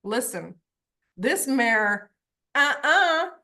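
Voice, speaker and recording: On an online group coaching call, a woman with a high-sitting voice speaks very slowly to horse owners. She's a lively storyteller who acts out the voices in her tales.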